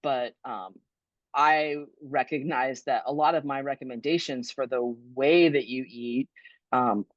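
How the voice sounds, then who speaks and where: A former fire battalion chief, speaking as a webinar guest, has a very deep voice and an unhurried pace. She answers questions earnestly and conversationally with frequent ums and restarts, on dull, dry lo-fi webinar audio.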